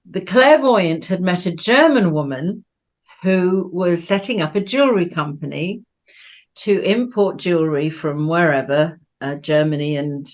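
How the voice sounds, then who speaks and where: A woman of about seventy from Manchester, England, recounts her past as an interview guest. She talks in a loose, rambling, chatty way, trailing off and laughing as she goes, and her voice sits a little low for a woman. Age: around 70. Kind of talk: personal storytelling.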